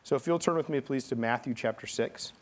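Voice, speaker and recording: A pastor giving an animated sermon, telling stories and asking the congregation questions. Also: male voice, a little fast. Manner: animated storytelling preacher, rising in pitch and volume.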